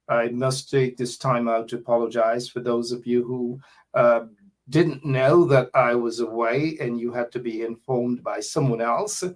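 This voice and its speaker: A Guyanese man hosting a radio talk show, rambling along with plenty of fillers. His pitch sits in an ordinary middle range. He talks in a loose, chatty way. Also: fairly even intonation, measured pace.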